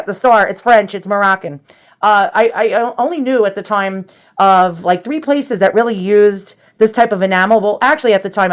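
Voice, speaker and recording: Rambling, chatty woman vlogger. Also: medium pitch. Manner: rambling and chatty, with many fillers and restarts; self-deprecating and nervous. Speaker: antiques vlogger. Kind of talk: casual show-and-tell vlog.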